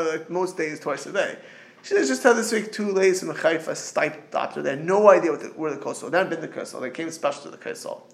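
A man's voice: fairly high pitch, creaky. A middle-aged man giving an informal religious talk as a rabbi, rambling and digressive with frequent restarts and storytelling asides.

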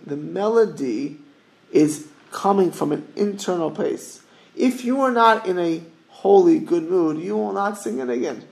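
A middle-aged man with a high voice and vocal fry teaches an informal Torah class. He digresses, restarts often, and hums melodies along the way.

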